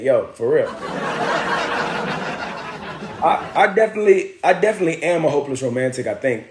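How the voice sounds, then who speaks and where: A man hosting a live stream, telling a story in loose slang and breaking off to greet and thank viewers. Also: medium pitch. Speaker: livestream host. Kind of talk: casual storytelling with viewer shout-outs. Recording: roomy echo.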